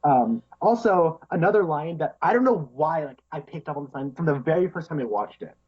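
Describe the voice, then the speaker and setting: A man's voice: a little high, animated, brisk, husky, muffled recording. A man co-hosting a podcast, chatting casually and enthusiastically about a film, laughing often and filling with "um" and "like". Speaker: podcast co-host.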